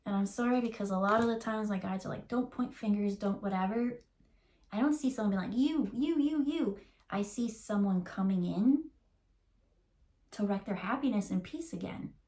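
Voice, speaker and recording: A woman talks through a tarot reading in a loose, rambling way, full of "like" and "um" as she searches for words. She gets emotional and slows down to draw out the words she wants to stress. Her voice sits at an ordinary middle pitch for a woman. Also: a little mellow. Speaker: tarot reader. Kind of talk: casual channeled tarot reading.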